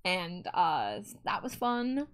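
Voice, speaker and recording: A woman's voice: lowish voice, very animated, slow, clean tone. Bubbly giggling woman streamer. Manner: bubbly and giggly, reads chat aloud. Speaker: livestream host. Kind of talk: casual chat with viewers while drawing.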